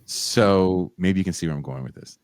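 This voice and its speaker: A man hosting a podcast, recapping a movie as an excitable storyteller who laughs often and bursts into high exclamations. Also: moderate pace, no room sound, studio quality. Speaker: podcast host.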